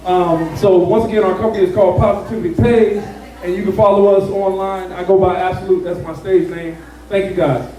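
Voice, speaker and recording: A man's voice: sits high, steady tone, fairly quick, mellow. A man earnestly introducing himself and his business to a live crowd. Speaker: guest entrepreneur. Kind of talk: short self-introduction to a crowd. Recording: very echoey hall, distant mic.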